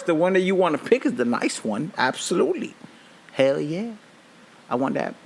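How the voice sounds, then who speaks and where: A man in his thirties tells everyday stories alone on his podcast, loose and profane, breaking into laughter. His voice sits a little high for a man. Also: gravelly, slightly rough. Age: 30s. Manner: profane, animated, laughing often. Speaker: podcast host. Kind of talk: casual storytelling monologue.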